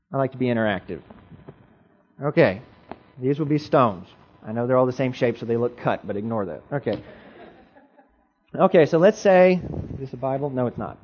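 A man preaching an interactive sermon to his congregation, playful and animated, often asking them questions. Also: mid-range voice, slight background noise. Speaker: pastor. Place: church. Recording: dull lo-fi recording.

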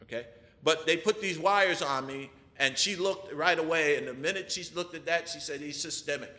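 A man telling a church testimony in an animated way, asking the listeners rhetorical questions. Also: fairly high pitch, normal speed. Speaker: person giving a testimony. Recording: long reverb of a large hall.

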